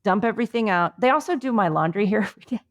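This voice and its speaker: Co-hosting a comedy podcast remotely while on vacation, a woman rambles through a mock-earnest mindfulness bit full of fillers. She speaks very fast, at medium pitch, with lively intonation.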